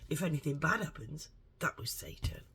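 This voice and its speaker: A woman's voice: sits low, expressive, normal speed, fairly bright tone, husky, whispered. A woman vlogger giving a blunt, rambling opinion monologue to camera, swearing heavily and speaking emphatically.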